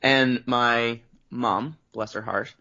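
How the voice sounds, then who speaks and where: A Canadian guest voice actor, speaking at an ordinary middle pitch, tells rambling stories about how his career began in a casual interview, slipping into the voices of people he quotes. His delivery is slow with fairly even intonation and a sharp tone, and the recording is dull and lo-fi.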